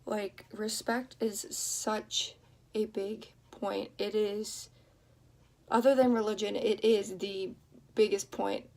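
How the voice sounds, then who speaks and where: Earnest young woman with gravelly fry. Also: medium pitch. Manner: earnest, talks in quick bursts with many fillers and restarts. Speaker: vlogger. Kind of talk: casual advice chat to camera.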